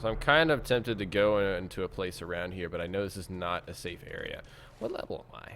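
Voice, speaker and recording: Male let's-play commentator, low voice, loose and self-mocking, thinking out loud. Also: big pitch swings, a little fast, vocal fry, slight background noise. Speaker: gameplay commentator.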